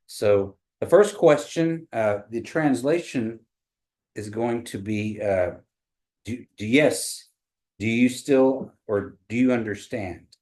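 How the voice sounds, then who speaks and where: A man from Oklahoma teaching a small language class, patiently explaining pronunciation and repeating phrases slowly. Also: medium pitch, a little mellow, rough recording. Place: meeting room with a small class.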